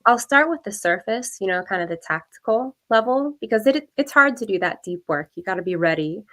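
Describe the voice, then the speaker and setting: Woman, guest coach, measured, practical, clear. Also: mid-range voice, lively intonation, fairly bright tone. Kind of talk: advice in an interview.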